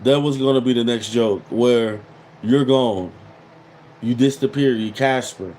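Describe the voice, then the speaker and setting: A man's voice: mid-range voice, a little slow, darkish tone, a little hiss or hum, low-quality recording. A man in his thirties hosting a casual livestream, reading viewer comments and mocking them with repeated catchphrases. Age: 30s. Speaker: livestream host.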